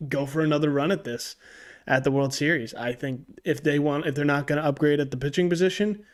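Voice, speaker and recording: A man's voice: a little high, steady tone, brisk. A young man co-hosting a podcast, talking casually about baseball and often restarting his sentences. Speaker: podcast co-host. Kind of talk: casual sports chat.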